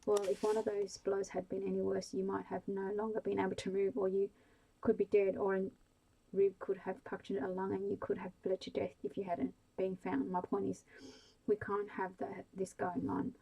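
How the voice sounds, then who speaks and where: A woman reading a bedtime story aloud, giving the lines of a kindly, firm male policeman in a soft-spoken voice. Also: medium pitch, monotone, moderate pace, vocal fry, breathy edge, rough recording. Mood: fatherly. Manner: gently firm, fatherly. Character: kindly middle-aged male country policeman.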